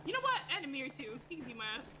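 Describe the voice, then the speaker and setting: A woman hosting an event in a game role-play, friendly and casual and quick to laugh. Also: high voice, very animated, crowd noise, poor audio.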